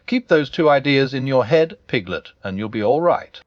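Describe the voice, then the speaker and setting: A man's voice: mid-range voice, animated, normal speed, dry recording, dull audio, close to an everyday voice. A man voicing a gloomy, sardonic old male donkey with a dry, glum way of talking.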